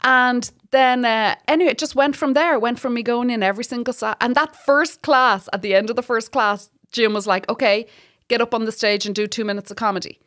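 A woman in her thirties with an Irish accent, a stand-up comic chatting as a guest, telling lively stories with frequent laughs and swearing. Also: on the high side, fairly quick, dry recording, clean studio sound. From Ireland. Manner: lively storyteller, laughs often, swears freely. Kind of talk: casual chat.

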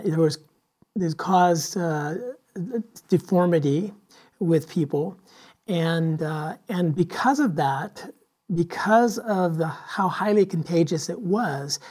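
A man's voice: a little high, slow pace, a little mellow. A man preaching a sermon as pastor, telling stories in a conversational way with frequent "uh" fillers.

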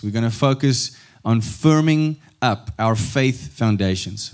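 A man with a South African accent preaching a sermon as pastor, in a warm, chatty way and laughing easily. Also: on the low side.

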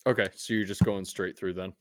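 Brief: man, low voice, casual profane game master narration, dry recording. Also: fairly even intonation, fairly quick, no echo. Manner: laid-back, profane, with many fillers.

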